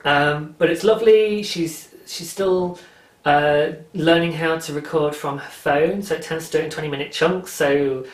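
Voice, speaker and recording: A man's voice: fairly high pitch, normal speed. A British man hosting a craft podcast in casual, enthusiastic chat, with frequent ums. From Britain. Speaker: podcast host. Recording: roomy echo.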